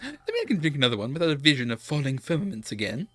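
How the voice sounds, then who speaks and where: A streamer voicing a cheerful, clingy, dramatic male vampire in a video game, speaking in a theatrical, high, gushing way. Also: big pitch swings, fast, fairly bright tone, faint music behind. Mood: earnest. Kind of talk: voicing game characters while playing.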